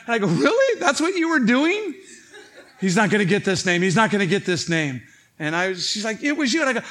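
A male pastor preaching a sermon, telling stories in an animated way and acting out other people's lines, laughing at his own stories. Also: on the high side.

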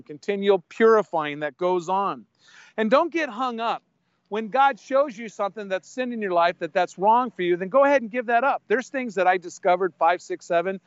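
Older guy preaching, pretty high voice, blunt and chatty, dull dry lo-fi sound. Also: no room sound. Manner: blunt, conversational preaching with scripture reading. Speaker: pastor. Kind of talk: sermon.

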